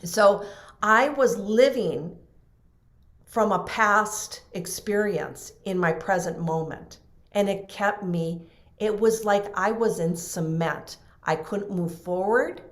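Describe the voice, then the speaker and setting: A woman guest telling a personal story in conversation, animated and full of fillers. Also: mid-range voice, slow pace, echoey room. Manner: animated, acts out quoted voices, many fillers. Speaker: interview guest.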